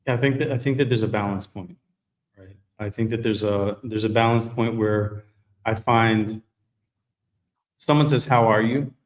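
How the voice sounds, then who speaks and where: A man's voice: on the low side, steady tone, moderate pace. A man talking candidly in a podcast conversation, blunt and reflective, swearing freely. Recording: roomy echo.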